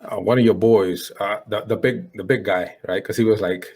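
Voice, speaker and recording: A man co-hosting a podcast, telling an animated bar story, acting out the people in it and repeating "boom, boom" and "right?". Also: moderate pace, slightly rough. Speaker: podcast co-host. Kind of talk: casual storytelling chat.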